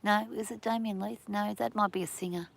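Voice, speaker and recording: A woman's voice: mid-range voice, fairly even intonation, fairly quick, vocal fry. A middle-aged Australian woman chatting casually on a farm livestream, rambling and laughing easily, a bit stuffy from hay fever.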